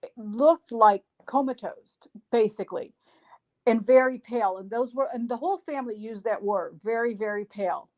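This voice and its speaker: Higher-voiced woman retelling a story. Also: normal speed. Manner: animated retelling with many restarts. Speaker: podcast guest. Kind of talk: casual podcast discussion.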